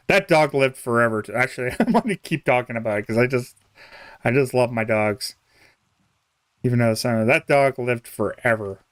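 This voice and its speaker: A young man chats casually on a game live stream as he plays, rambling, chuckling often, and trailing off mid-thought. His voice is mid-range and fairly bright, at a moderate pace, captured in clean studio sound with no echo.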